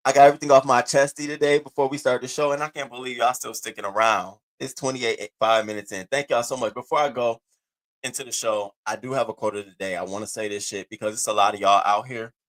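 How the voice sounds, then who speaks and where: A man hosting an online show, telling a story in a loud, profane, animated rant and acting out the other people's voices. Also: medium pitch, fast. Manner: acts out the other voices in his stories. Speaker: host of an online news show. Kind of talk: casual livestream rant.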